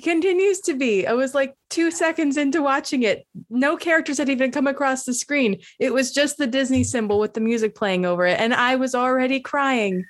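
Female co-host, slightly high pitch, casual and playfully teasing. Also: a little fast, hardly any pauses. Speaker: podcast co-host. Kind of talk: casual chat. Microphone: remote call over the internet.

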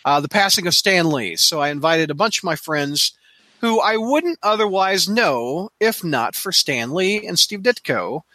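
A man hosting a podcast, introducing a panel in a lively, earnest way. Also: high voice, a little slow, no room sound. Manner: lively, earnest, speaks with fillers. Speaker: podcast host.

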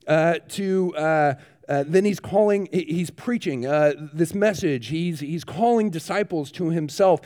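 A man preaching a sermon, telling vivid stories with growing animation. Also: fairly high pitch. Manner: animated storyteller, rising excitement, laughs. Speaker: pastor. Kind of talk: sermon storytelling.

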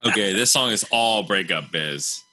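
A man's voice: deep voice, lively intonation, moderate pace, pushed and bright, no room sound. A man co-hosting a casual podcast chat, blunt, opinionated and jokey. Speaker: podcast co-host.

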